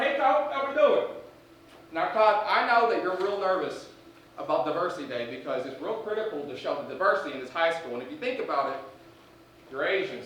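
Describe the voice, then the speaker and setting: A man playing a clueless, over-friendly male high school principal with a Southern drawl, hearty and booming. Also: a bit bright, slight background noise. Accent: Southern US put-on. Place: live theater stage. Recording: echoey stage from a distance.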